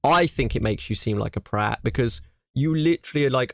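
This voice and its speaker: An English man chatting on a stream, close to the mic in a dry room. He rants with animated emphasis, circling back over the same point, while his voice sits mid-range. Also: medium pitch, brisk, gravelly, no echo. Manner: ranting, animated, repeats himself. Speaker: streamer reacting to a video. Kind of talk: casual reaction chat.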